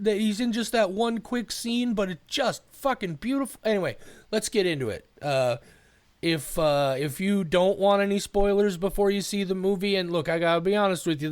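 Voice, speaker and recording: Podcast host, male, slightly high voice, rambling and profane, dry close mic. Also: clear, resonant tone, no room sound. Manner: emotional, profane, rambling with restarts. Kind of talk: casual podcast chat.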